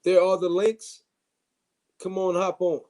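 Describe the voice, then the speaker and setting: A man's voice: high voice, little pitch movement, unhurried, a little mellow. A man hosting a live stream, chatting loosely about boxing, with many fillers and restarts.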